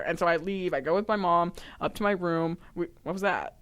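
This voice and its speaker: A woman's voice: fairly low pitch, steady tone, fairly quick, few pauses, smooth. A young woman co-hosting a podcast, telling a story in casual chat with lots of fillers and laughter. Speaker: podcast co-host.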